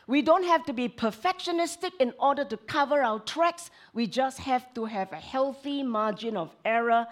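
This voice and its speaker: Woman preacher, expressive sermon delivery, fairly high voice, lively rises and drops. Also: normal speed, few pauses. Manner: expressive, swinging between emphatic and hushed. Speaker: preacher and counselor.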